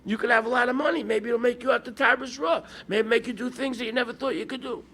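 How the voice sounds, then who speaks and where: High, gravelly, husky rabbi teaching. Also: male voice, fairly even intonation, fast talker, pushed and bright. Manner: conversational, storytelling, rhetorical questions, bursts of emphasis. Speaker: rabbi teaching a Torah class. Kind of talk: informal Torah lecture with stories.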